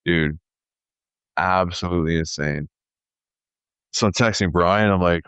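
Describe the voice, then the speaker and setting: A man in his thirties telling a story in casual podcast chat, animated and peppered with "dude" and "like". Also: deep voice, measured pace, smooth, dry recording, lo-fi sound. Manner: animated storyteller, says "dude" and "like", acts out quoted voices. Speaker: podcast co-host.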